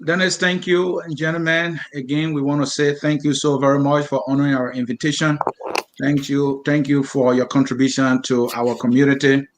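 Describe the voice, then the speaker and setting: A man co-hosting a program, signing off with brisk, teasing promotion of the next show. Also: mid-range voice, little pitch movement, slight background noise. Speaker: co-host. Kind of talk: show sign-off.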